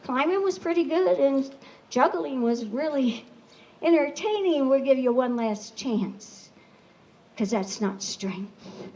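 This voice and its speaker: A woman voicing a group of forest animals in a spoken fable, speaking in a measured, doubtful way. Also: sits high, animated, darkish tone, voice pushed up, heavily acted. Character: forest animals judging a contest, calm and doubtful.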